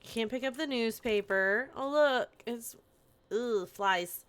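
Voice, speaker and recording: A woman's voice: a little high, expressive, a little slow, a bit bright. A young adult woman streaming a game, chatting casually in a rambling, playful way with lots of asides. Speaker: live streamer. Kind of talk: casual chat while playing a game on stream.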